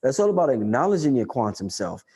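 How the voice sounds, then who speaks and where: A man hosting a casual livestream chat, talking loosely and profanely, repeating lines for emphasis and rising to excited highs. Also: fast talker, breathy edge. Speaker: livestream host answering chat.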